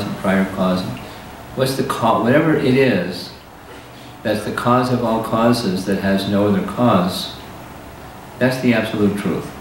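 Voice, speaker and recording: A man with a somewhat low voice teaches scripture slowly and deliberately, pausing often between phrases. He sounds far from the microphone, in a strongly echoing hall with a faint hiss behind him. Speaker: spiritual teacher. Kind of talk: scripture lecture.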